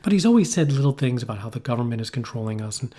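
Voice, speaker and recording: Rambling man with a mellow voice. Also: mid-range voice, racing, husky. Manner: rambling, animated storytelling with playful mock accents. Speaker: podcast co-host. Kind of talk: casual conversational podcast chat. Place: poorly heated shack.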